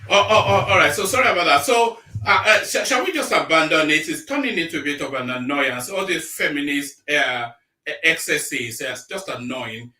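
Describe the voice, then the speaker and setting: A man's voice: fairly high pitch, animated, normal speed, sharp tone. A man hosting a live stream, reading news aloud and breaking off into rambling, blunt, mocking asides. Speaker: live-stream commentary host. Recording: echoey room, voice a bit far from mic.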